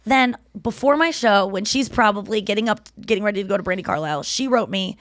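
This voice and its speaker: A woman's voice: medium pitch, quick pace, few pauses, dry recording, clean studio sound. A woman in her thirties hosting a podcast, telling rambling stories in casual chat and swearing freely. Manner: chatty, rambling storyteller who swears freely. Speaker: podcast host.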